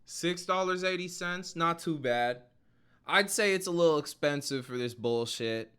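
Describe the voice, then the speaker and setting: A man's voice: on the high side, lively intonation, measured pace, fairly bright tone, clear, resonant tone. A man streaming casual reactions, joking and swearing loosely as he talks to his chat. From Minnesota.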